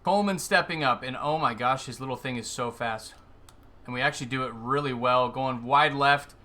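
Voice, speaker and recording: A man commentating his own football video game match, swinging from calm play-by-play to excited yelling. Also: medium pitch, normal speed. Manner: excitable, screams at goals, then deflated and muttering. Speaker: gaming YouTuber. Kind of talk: live gameplay commentary.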